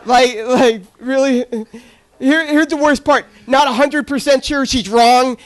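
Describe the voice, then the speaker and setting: High-voiced young man doing stand-up. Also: fairly even intonation, measured pace, clear, resonant tone. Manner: self-deprecating, awkward storytelling with crude jokes. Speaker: stand-up comedian. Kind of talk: stand-up comedy set. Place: comedy club stage with audience laughter.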